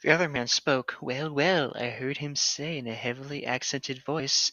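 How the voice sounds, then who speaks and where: A man co-hosting a comedy podcast, reading a story aloud and dropping deadpan quips. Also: medium pitch, moderate pace, dry recording, lo-fi sound. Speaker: podcast co-host.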